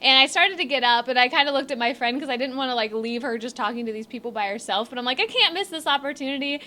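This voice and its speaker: A woman's voice: high voice, fast talker, pushed and bright. A young woman, telling a story to camera in a bubbly, chatty way, filling in with "like" and acting out what people said. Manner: bubbly, chatty, many fillers, acts out quotes. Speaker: vlogger. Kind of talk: storytime chat.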